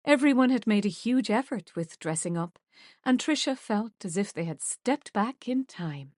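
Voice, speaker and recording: A woman reads a romance audiobook in measured, even narration at a middle pitch. The recording is close and dry, with no room echo. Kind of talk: scripted narration.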